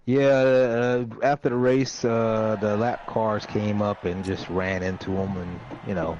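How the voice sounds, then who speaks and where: A man, a sim-racing driver, explaining his race in a casual post-race interview, halting and trailing off with "you know". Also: lowish voice, little pitch movement, highs cut off, noisy background.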